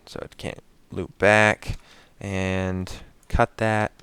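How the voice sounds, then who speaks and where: A man with a low, gravelly voice talks his viewers through a building game in an unhurried, easygoing way, often muttering to himself and counting items aloud as he places them. His tone stays smooth and clear under the grit, and the sound is dry and close. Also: level tone, a bit bright, dry recording. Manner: explains step by step to his viewers. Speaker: Minecraft builder and commentator. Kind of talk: casual gameplay commentary.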